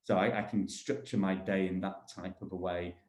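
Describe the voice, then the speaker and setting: A man's voice: deep voice, fairly even intonation, moderate pace, roomy sound. A man with a Manchester accent, chatting on a video call as an interview guest, rambling a little with restarts. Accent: Manchester English. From England. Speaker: property developer guest.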